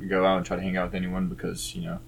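A young man from eastern Kentucky, on as a podcast guest, talks quickly in a fairly low voice. He tells casual stories in a laid-back way, breaks into laughter often and swears freely. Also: monotone, creaky, slight background noise, low-quality recording. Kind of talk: casual storytelling chat.

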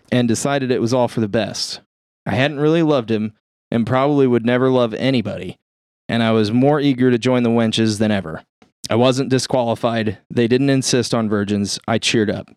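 A man reading a first-person story aloud in a steady, plain-spoken way. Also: medium pitch, normal speed, dry recording, studio quality. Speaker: reader.

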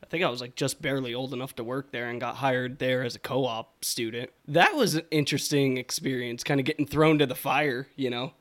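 A man's voice: mid-range voice, steady tone, brisk, hardly any pauses, fairly bright tone. A young man from telling rambling stories in a casual chat, laughing often. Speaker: podcast co-host.

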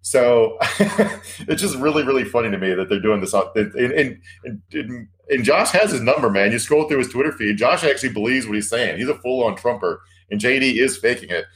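A man's voice: mid-range voice, expressive, brisk, a bit bright. A man co-hosting a podcast, rambling through stories in an amused way and laughing often. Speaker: podcast co-host. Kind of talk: casual chat.

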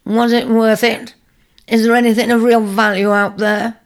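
A woman's voice: a little high, level tone, normal speed, clean tone, voice pushed up, lightly acted. A woman voicing a sceptical elder ram who challenges doubtfully.

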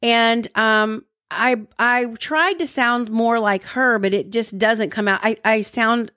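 A woman's voice: a little high, slow, pushed and bright, no room sound, studio quality. A woman in her fifties from the American South, a former broadcaster co-hosting a podcast, chatty and playful, laughing often. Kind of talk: casual married-couple chat.

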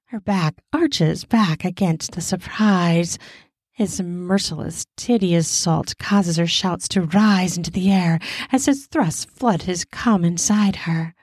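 A woman narrating an adult romance story in a slow, intimate reading. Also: lowish voice, darkish tone, breathy edge, no echo, clean studio sound. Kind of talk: scripted erotic story narration.

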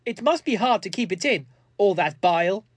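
A man's voice: high voice, lively intonation, moderate pace, dry recording. A man giving a sarcastic, mocking comedic commentary.

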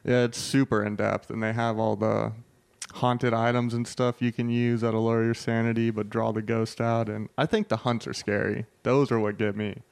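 Smooth-voiced young man, easygoing. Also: medium pitch, level tone, normal speed, no room sound. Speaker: podcast co-host. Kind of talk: casual chat.

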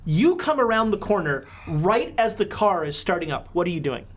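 A woman's voice: lowish voice, a little hiss or hum. A woman runs a tabletop horror game as its game master. Her voice moves up and down a lot as she describes the action and puts questions to the players. She laughs easily between her rulings. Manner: animated, quick to laugh, asks players questions.

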